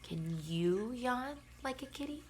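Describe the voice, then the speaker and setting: A woman teacher reading a bedtime picture book aloud to young children, gentle and playful, with soft sighs and yawns. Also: a little high, animated, slow.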